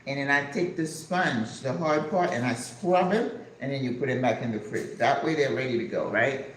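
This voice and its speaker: A woman's voice: very deep voice, moderate pace, roomy sound, low-quality recording. A woman in her sixties, originally from the United States, chatting enthusiastically in a casual vlog as she unpacks groceries in her kitchen and drops in Spanish words. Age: 60s. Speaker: vlogger.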